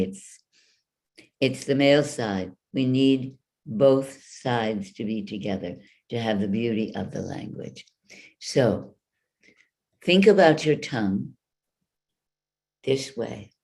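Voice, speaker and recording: Slow, drawn-out woman speech teacher. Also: a bass voice, mellow. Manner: demonstrates vowels and consonants slowly, drawn-out sounds. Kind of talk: speech workshop over video call. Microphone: video call.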